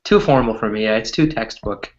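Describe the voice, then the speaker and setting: A man's voice: fairly low pitch, a little fast, background noise. Guy teaching english casually, chatty and easygoing, kinda dull lo-fi audio. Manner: relaxed, chatty, explains with examples. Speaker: English tutor. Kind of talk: casual conversation lesson.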